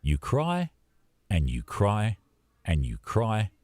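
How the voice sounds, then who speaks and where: A man's voice: lowish voice, huge pitch swings, slow, darkish tone, no room sound, exaggerated voice. A man with a British accent voicing a game's wry narrator with dry, playful storybook narration. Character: wry adult male storybook narrator of a game. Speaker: game narrator. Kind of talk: scripted narration.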